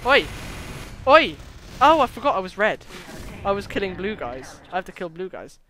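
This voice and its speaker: A teenage boy chattering and joking excitedly while playing a shooter game online. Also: high voice, a little fast, a little hiss or hum. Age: teens. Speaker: gamer. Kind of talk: casual gameplay commentary.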